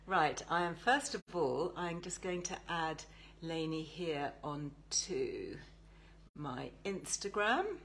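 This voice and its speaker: A chatty English woman hosts a live stream, greeting her viewers with upbeat enthusiasm. Her voice sits a little low for a woman. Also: lively intonation, slow, a bit bright, poor audio. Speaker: host.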